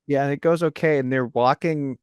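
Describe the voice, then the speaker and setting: A man in the middle of a relaxed movie podcast, talking enthusiastically and rambling through his points with plenty of fillers. His voice sits at an average pitch, and the recording is dry and close with no room sound. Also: moderate pace, clear, resonant tone, no echo, lo-fi sound. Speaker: podcast host. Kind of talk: casual movie discussion.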